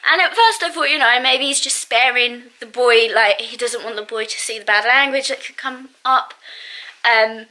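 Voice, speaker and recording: Bright-voiced woman venting. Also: high voice, normal speed. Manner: exasperated venting, laughing in bursts, chatty with many fillers. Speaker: vlogger. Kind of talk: casual storytelling to camera.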